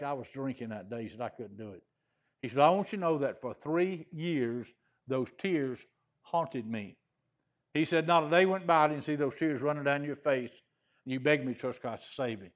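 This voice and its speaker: A man's voice: medium pitch, fast talker, dull audio. Older preacher man, folksy sermon storytelling. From Louisiana. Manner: folksy, repetitive "he said" storytelling with frequent "uh" fillers. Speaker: pastor.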